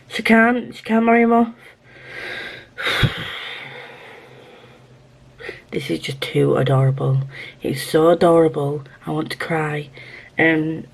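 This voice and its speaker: A woman's voice: on the low side, gravelly. A woman vlogging about a book she is reading, gushing and emotional, repeating herself and sometimes dropping to a whisper. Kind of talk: casual reading vlog.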